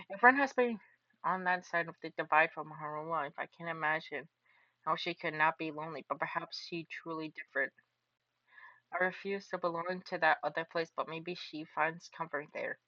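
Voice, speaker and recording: A man reading a visual novel aloud as a game streamer, breaking off to yell and laugh at the story. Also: fairly high pitch, moderate pace, no echo, dull audio. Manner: animated, yells and laughs in reaction.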